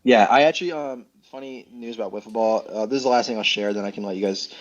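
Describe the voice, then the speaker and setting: A man's voice: lowish voice, fast, lo-fi sound. A young man, a podcast guest, telling stories in casual chat, rambling and self-amused with lots of fillers and restarts.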